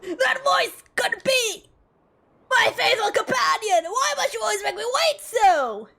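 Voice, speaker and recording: A woman voicing a bombastic, theatrical male warrior who shouts melodramatically. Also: very high voice, expressive, measured pace, vocal fry, pitched above the performer's own voice, exaggerated voice. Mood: dramatic.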